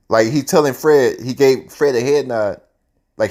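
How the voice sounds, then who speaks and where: A man telling a story in a casual, animated, profane way, often laughing as he goes. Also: medium pitch, normal speed.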